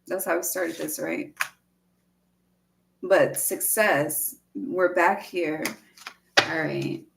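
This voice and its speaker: A woman reads tarot cards in a loose, rambling way, cursing casually and talking straight to her listener. Her voice sits a little low for a woman. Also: very slow, vocal fry, a little hiss or hum. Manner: rambling, profane and chatty. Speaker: tarot reader.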